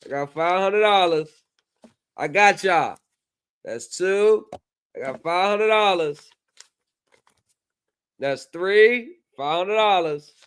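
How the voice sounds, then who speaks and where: A man's voice: high voice, expressive, slow, long pauses, a bit bright, clear, resonant tone. A man hosting a livestream in casual chat, loose and profane in his banter. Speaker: livestream host.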